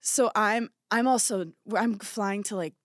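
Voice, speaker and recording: A young woman co-hosting a podcast, telling an animated anecdote in casual chat and breaking into giggles. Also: medium pitch, a little slow, dry recording, clean studio sound. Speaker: podcast co-host.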